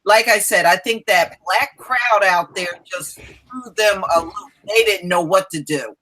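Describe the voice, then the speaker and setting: Bright-voiced chatty discussion host. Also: mid-range voice, measured pace, rough recording. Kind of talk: casual online discussion.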